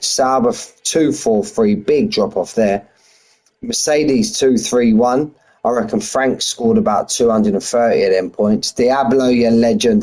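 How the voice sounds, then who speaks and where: A man's voice: medium pitch, darkish tone. A man live-streaming a sim racing league, chatting casually and greeting viewers. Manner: chatty, greets viewers by name, reads standings aloud.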